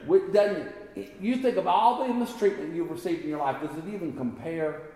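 A man preaching a sermon, talking to the congregation in a conversational way and rising to impassioned high peaks. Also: normal speed, mellow. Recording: echoey hall.

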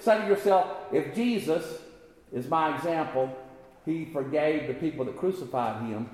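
Impassioned preacher in an echoey hall. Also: male voice, expressive, measured pace, a little mellow. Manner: conversational preaching that climbs to high impassioned peaks. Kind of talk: sermon.

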